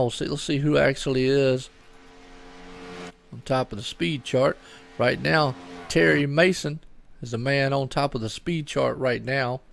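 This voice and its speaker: A male race commentator calls a live sim race by himself, chatting in a folksy, upbeat way. His voice has a gravelly, creaky texture. He rambles and often repeats words. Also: medium pitch, a little hiss or hum.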